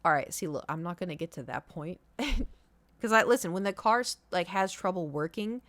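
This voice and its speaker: A woman's voice: fairly low pitch, lively intonation, a little fast, a bit bright, no room sound. Rambling, chatty woman streamer. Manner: rambling and chatty, with many fillers. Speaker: livestreamer. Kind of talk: casual chat on a live stream.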